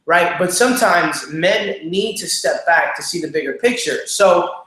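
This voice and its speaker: Współprowadzący, mężczyzna, daje rady o związku z naciskiem i często powtarza "right?". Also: male voice, high voice, measured pace, bright, forceful tone. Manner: emphatic, repeats "here's the deal" and "right?". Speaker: co-host. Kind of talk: casual advice talk. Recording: very echoey room.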